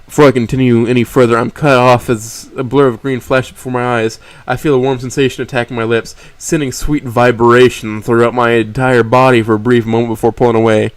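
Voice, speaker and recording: A man's voice: medium pitch, level tone, a little fast, hardly any pauses, clean tone. A man reading a story aloud on a stream, stumbling and correcting himself as he reads.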